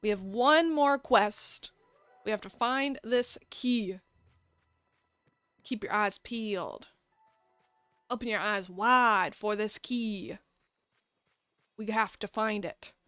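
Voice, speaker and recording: A woman's voice: mid-range voice, slow pace, pauses often, a bit bright, dry recording, faint music behind. A young woman hosting a casual gameplay video, playful and giggly, reading game dialogue aloud. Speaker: gaming video host.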